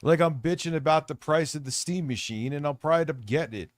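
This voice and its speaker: A man's voice: fairly high pitch, fast, no room sound, clean studio sound. Sarcastic, profane male streamer. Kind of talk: reaction stream commentary.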